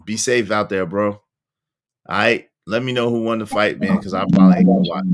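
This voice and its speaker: A man's voice: lowish voice, fairly even intonation, brisk, a crowd in the background. A man hosting a casual live-stream chat, joking and teasing his guests with frequent laughter. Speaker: show host.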